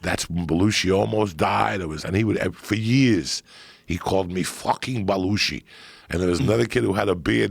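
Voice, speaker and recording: Gravelly, deep-voiced man telling stories. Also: dry recording. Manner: profane, animated storyteller. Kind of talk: casual storytelling chat.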